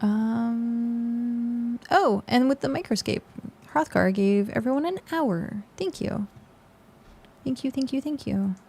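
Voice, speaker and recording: A woman's voice: a little high, slow pace, creaky, warm tone, breathy edge. A woman game streamer chatting casually with her viewers, tired and congested, with lots of fillers. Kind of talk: casual live-stream chat.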